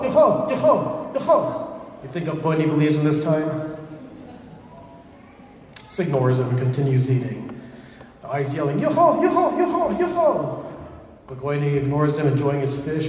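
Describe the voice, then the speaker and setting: A man telling a traditional story aloud to a live audience, speaking lively and turning to ask them questions. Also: a little high, moderate pace, a little hiss or hum. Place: large hall with a live audience. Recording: echoey hall from far off.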